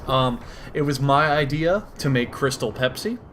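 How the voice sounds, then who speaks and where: A man giving a deadpan, absurd comedic monologue, swearing and rambling as he comments over a game. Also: mid-range voice, normal speed, a little hiss or hum. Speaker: gaming commentator. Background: faint gunfire from a shooter game.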